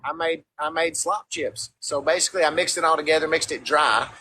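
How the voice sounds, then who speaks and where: A man's voice: on the high side, a little fast, bright, forceful tone, a little hiss or hum, rough recording. A man with a Southern US accent telling stories in a casual livestream chat, talking through a phone. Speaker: former reality show contestant.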